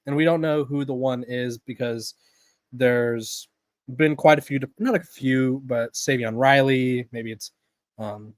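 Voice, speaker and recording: A man hosts a daily sports podcast and talks through the news in a loose, rambling way. His voice sits at a middle pitch. The sound is dry and close. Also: dry recording. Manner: conversational, rambling with fillers and restarts. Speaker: podcast host. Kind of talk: casual sports podcast commentary.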